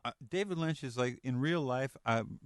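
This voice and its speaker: A man guest on a talk show, telling lively anecdotes, acting out what people said and laughing often. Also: medium pitch, normal speed, dry recording, clean studio sound. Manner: animated storyteller, acts out quotes, laughs often. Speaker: guest musician and actor. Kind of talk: telling anecdotes in casual chat.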